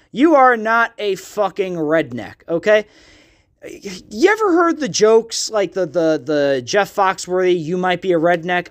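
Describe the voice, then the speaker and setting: Podcast host, young man, high-pitched, blunt and sweary, casual rant. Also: fairly bright tone. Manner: ranting and profane, with frequent fillers.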